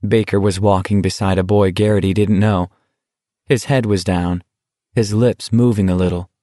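Here a male audiobook narrator delivers scripted narration of a novel, his low voice steady and measured. The sound is dry and close-miked, with no trace of the room.

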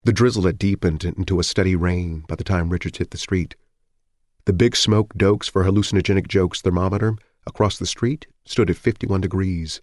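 Man, audiobook narration, very low pitch, dry close sound, measured, somber. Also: steady tone, darkish tone, dry recording. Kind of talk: scripted narration.

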